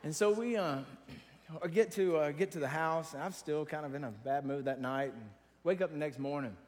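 A middle-aged man preaching a sermon as a pastor, telling a story in an animated, self-deprecating way. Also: a little high, a little fast. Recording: long reverb of a large hall.

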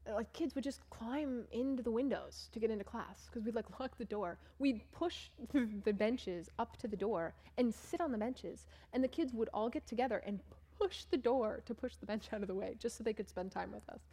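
A woman's voice: a little high, normal speed, hardly any pauses, warm tone. A young woman, a volunteer teacher, telling casual stories about her class, chatty and full of "like" and "um". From United States. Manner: chatty, full of "like" and "um", acts out what others said. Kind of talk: casual storytelling talk over photos.

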